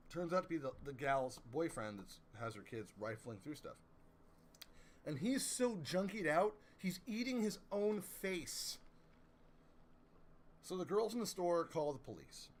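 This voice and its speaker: A man co-hosting a live-streamed chat show, telling a story as a profane, animated rant. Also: a little high, unhurried, long pauses. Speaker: podcast co-host.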